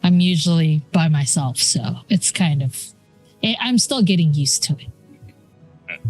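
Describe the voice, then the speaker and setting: A woman voicing a wary young woman on the run, who speaks in a hesitant, halting way. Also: low voice, expressive, a little mellow, husky, faint music behind, heavily acted, rough recording. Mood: reassuring.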